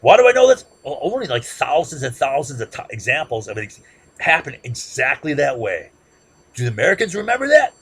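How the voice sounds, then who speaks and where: A man's voice: medium pitch, huge pitch swings, a little fast, fairly bright tone, slight background noise. A man giving an impassioned, informal history lecture, emphatic and rambling, who keeps asking "right?". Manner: rambling with frequent restarts and filler. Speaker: political commentator.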